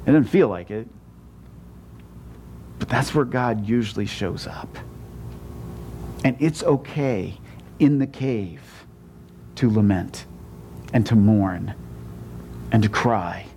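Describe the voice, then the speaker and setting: A pastor preaching a sermon in a conversational way, with frequent stammered restarts and sudden shifts between emphatic and hushed lines. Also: male voice, on the low side, slow, pauses often, slight background noise.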